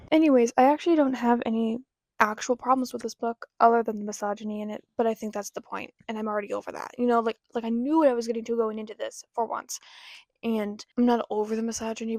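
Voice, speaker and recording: A young woman chatting casually in a reading vlog, rambling and self-deprecating, with quiet asides now and then. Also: fairly high pitch, gravelly, no echo. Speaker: book vlogger.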